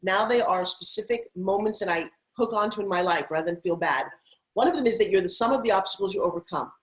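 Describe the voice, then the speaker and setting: A middle-aged woman from Long Island speaks as a guest on an interview show. Her voice sits at an ordinary middle pitch. She talks in an upbeat, persuasive, storytelling way with plenty of animation. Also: fast, poor audio. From Long Island, United States. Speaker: guest, TV host and spokesperson. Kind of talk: motivational interview talk.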